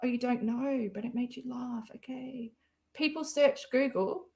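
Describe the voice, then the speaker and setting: A woman talks at an unhurried, drawn-out pace in a fairly high voice. She hosts a casual live stream, rambling and mocking with a sarcastic edge. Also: darkish tone. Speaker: live-stream commentary host.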